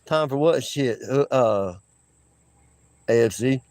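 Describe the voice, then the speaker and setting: A man's voice: mid-range voice, slow, a little mellow, dry recording. A man hosting a live stream, chatting casually with viewers in a laid-back, rambling way and laughing often. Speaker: livestream host. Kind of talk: casual livestream chat with viewers.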